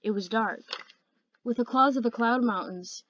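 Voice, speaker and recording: A woman's voice: a little high, moderate pace, a bit bright, no room sound, dull audio. A woman reading a fantasy novel aloud as an amateur audiobook narrator, earnest and careful, with occasional slips. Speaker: audiobook reader.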